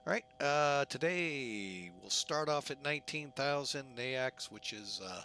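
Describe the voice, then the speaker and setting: An unhurried man chats through his flight sim setup in a bright, forceful voice, joking and teasing himself along the way. A faint hum sits under his casual commentary. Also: mid-range voice, lively intonation. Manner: chatty, jokey, self-mocking. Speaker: flight simulator streamer.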